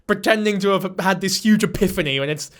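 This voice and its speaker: A man's voice: high voice, quick pace. A man with a put-on British accent giving sarcastic, profane reaction commentary as a YouTube host, often mocking himself. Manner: sardonic, self-mocking, profane.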